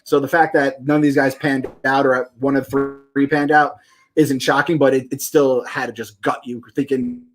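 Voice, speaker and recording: A man's voice: medium pitch, level tone, moderate pace, soft background music. A young man co-hosting a sports podcast, chatting animatedly with stumbling restarts and casual swearing. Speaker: podcast co-host.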